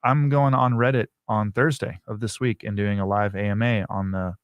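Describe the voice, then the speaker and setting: A man's voice: fairly low pitch, fairly even intonation, moderate pace, clear, resonant tone, dry recording, muffled recording. A man chatting as a guest on a radio show, wry and playful with sarcastic jokes. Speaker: guest from a food site. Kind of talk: casual chat.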